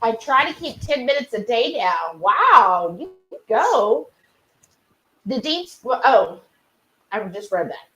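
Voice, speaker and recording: A woman's voice: a little high, slow, long pauses, rough recording. A woman co-hosting a casual livestream, chatting and reading viewer comments aloud. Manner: reads chat messages aloud, chatty and animated.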